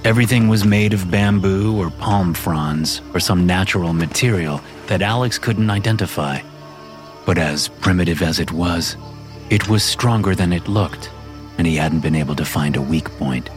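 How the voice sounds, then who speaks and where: Guy reading a scary story, deep-ish voice, steady and even, music under it. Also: normal speed. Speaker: story narrator. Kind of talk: scripted horror story narration. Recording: music playing behind.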